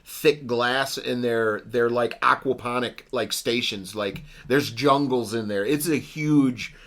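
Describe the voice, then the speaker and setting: A man's voice: medium pitch, slow, fairly bright tone. A man on a casual podcast, retelling a movie plot with frequent ums and restarts. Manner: rambling, many ums and restarts. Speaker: podcast co-host.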